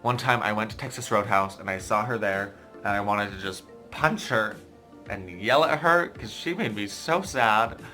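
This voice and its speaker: A young man vlogging a casual story in an animated, exasperated, self-mocking way. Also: on the low side, normal speed, faint music behind. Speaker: YouTuber.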